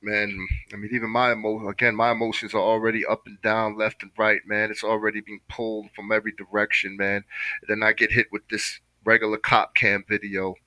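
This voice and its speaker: A man's voice: lowish voice, little pitch movement, brisk, sharp tone, dry recording, rough recording. A man hosting a reaction video, talking in an impassioned, preachy way and saying "man" constantly. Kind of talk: casual reaction commentary.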